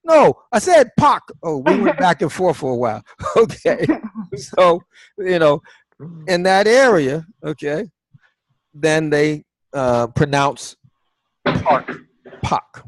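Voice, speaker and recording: A man's voice: a little high, lively intonation, slow pace, long pauses, dry recording. A man teaching an online class over a video call, quizzing and coaxing his students in a conversational way.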